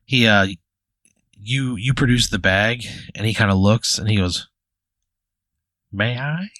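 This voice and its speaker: A man acts as game master for an improvised tabletop game, narrating in a loose, chatty way packed with "like" and "you know." His fairly low, bright voice carries a forceful edge and a steady tone at normal speed. The recording is close and dry.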